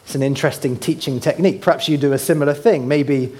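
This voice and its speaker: A man's voice: fairly high pitch, fast, mellow. A man preaching a sermon in a conversational way, asking his congregation questions and pointing them to a map. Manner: points to a map while teaching.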